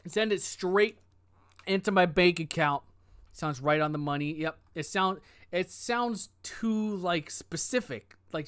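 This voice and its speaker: A man's voice: fairly high pitch, fairly bright tone, no room sound. A man giving casual let's-play commentary, thinking aloud, hedging and joking as he works through cases. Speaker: game streamer.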